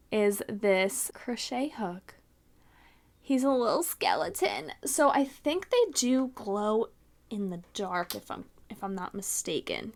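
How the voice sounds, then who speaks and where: A young woman hosting a crafting podcast, gushing and gasping excitedly as she unboxes handmade gifts. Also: medium pitch. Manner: gushing, gasping, swears mildly, fast bursts of excitement. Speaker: podcast host.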